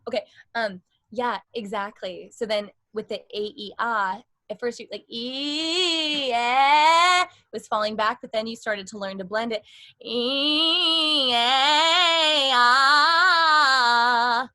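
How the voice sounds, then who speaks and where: A woman's voice: mid-range voice, fairly even intonation, moderate pace, no room sound. A young woman teaching vocal exercises in a casual chat, explaining how to speak healthily. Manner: demonstrates bright forward vocal exercises. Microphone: livestream.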